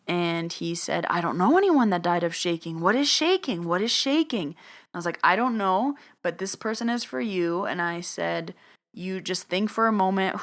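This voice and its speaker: A woman telling a personal story in a podcast, animated, acting out other people's lines as she goes. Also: fairly low pitch. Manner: animated retelling, acts out others' voices in quotes. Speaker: medium telling her story.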